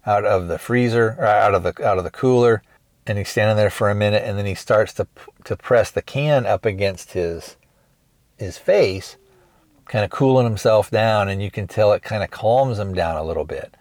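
Man, podcast host, low voice, casual rambling film recap, dry close mic. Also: a little mellow, dry recording. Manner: rambling, retells scenes with quick acted quotes.

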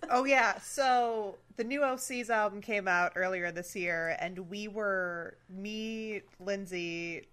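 A woman's voice: medium pitch, takes it slowly, hardly any pauses. A woman co-hosting a podcast, chatting casually and laughing as she tells a story and asks questions. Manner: relaxed storyteller, laughs mid-sentence. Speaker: podcast co-host. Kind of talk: casual interview chat.

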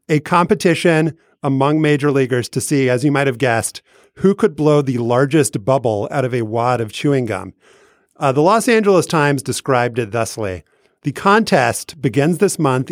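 A man's voice: a little high, dry recording, clean studio sound. A man co-hosting a podcast, setting up a story in a playful, theatrical way during a casual chat. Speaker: podcast co-host.

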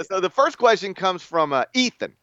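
A man's voice: sits high, big pitch swings, moderate pace, sharp tone, dry recording. Wry male podcast co-host, matter-of-fact delivery, slightly muffled dry recording. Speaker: podcast co-host reading listener mail. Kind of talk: casual sports podcast chat.

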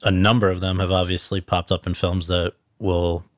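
A man's voice: low voice, flat delivery, normal speed, no echo. A man interviewing a filmmaker, setting up long, winding questions.

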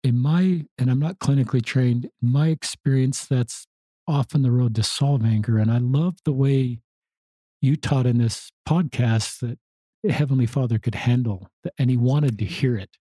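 Mellow, husky-voiced male podcast host. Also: mid-range voice, normal speed, no echo. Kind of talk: casual interview talk.

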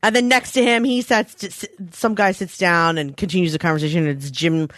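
A woman's voice: moderate pace, dry recording, clean studio sound. A woman co-hosting a podcast in casual chat, telling stories with acted-out quotes. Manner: animated storytelling, acts out quotes with big pitch jumps. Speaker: podcast co-host.

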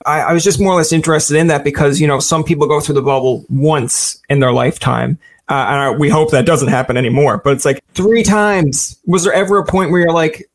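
Chatty man interviewer, higher voice. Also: fairly quick, hardly any pauses. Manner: chatty, rambling, acts out quotes. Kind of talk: casual interview chat.

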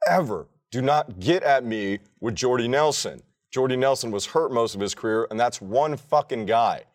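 A man co-hosting a casual sports podcast, ranting emphatically and swearing freely. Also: fairly low pitch. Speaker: podcast co-host.

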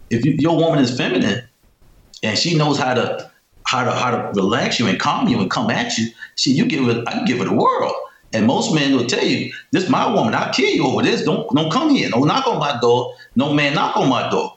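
A man speaks as a guest on a talk show, emphatic and prone to repeating his words as he tells stories. His voice sits at an ordinary middle pitch. The sound has a roomy echo around it. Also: fairly bright tone. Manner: storytelling, emphatic, repeats himself. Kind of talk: casual interview talk.

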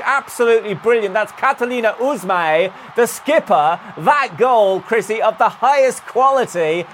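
A man with a high-pitched voice gives an enthusiastic live sports roundup for a news channel. He piles on praise as he describes the goals. Faint ambient noise sits under his voice. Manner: enthusiastic, effusive commentary. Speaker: sports correspondent.

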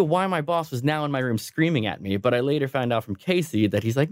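A man in his thirties tells a story from work on a podcast, with lively pitch and a lot of laughter. He sits close to the microphone in a dry-sounding room, and his voice sits in a middle range. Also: normal speed, no echo. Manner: animated, laughing while telling stories. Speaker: podcast guest, sound engineer. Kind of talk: casual storytelling.

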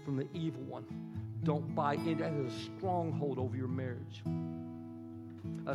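A man preaches with a gravelly, slightly high voice, rising to loud, soaring lines and then dropping to near whispers. His words ring through a reverberant hall. A guitar plays clearly underneath. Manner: impassioned preaching that swings from shouting to hushed whispers. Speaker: pastor. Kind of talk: sermon. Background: soft guitar music.

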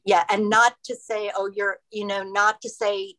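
A woman co-hosting a casual group discussion, explaining calmly and giving advice. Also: medium pitch, normal speed, few pauses, rough recording.

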